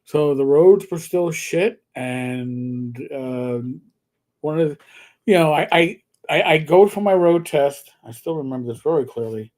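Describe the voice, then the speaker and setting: A man co-hosting a live stream, telling a story in a casual, lively way, with some swearing and stumbling repeats. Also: fairly high pitch, measured pace. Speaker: co-host.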